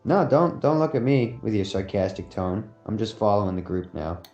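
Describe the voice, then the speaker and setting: A man's voice: fairly low pitch, lively intonation, normal speed, a little mellow, muffled recording. A man playing a tabletop game who asks hesitant, rambling questions. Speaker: player. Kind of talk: casual tabletop play chat. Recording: echoey room with faint music.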